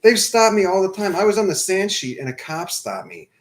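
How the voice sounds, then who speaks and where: A man's voice: high-pitched, sing-song, fairly quick. A man in his thirties hosting a livestream. He chats casually, swears freely and drifts from topic to topic in a laid-back way. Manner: profane, digressive, laid-back storyteller. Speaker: livestream host. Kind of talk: casual rambling live-stream chat.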